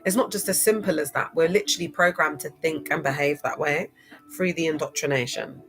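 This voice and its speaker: A woman's voice: low-pitched, fairly quick, a bit bright. Woman, casual livestream host, chatty, laughs a lot, faint music underneath. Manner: chatty, laughs often, spells out words.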